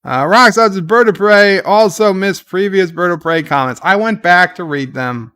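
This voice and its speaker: Male streamer, slightly high, smooth clear voice, loose rambling commentary, reads chat aloud. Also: normal speed, sharp tone. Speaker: livestream reaction host. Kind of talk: live commentary and chat reading.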